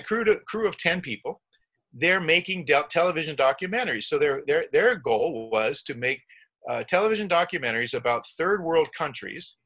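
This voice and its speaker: Speaking in a voice that's a little high and a bit bright, a middle-aged man rambles through a long, casual travel story. He keeps restarting and performs the quoted lines as he goes.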